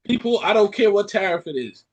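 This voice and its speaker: A Caribbean man hosting a podcast, ranting in an animated way and repeating lines for effect. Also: high voice, a little fast, slightly rough. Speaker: podcast host. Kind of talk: casual chat.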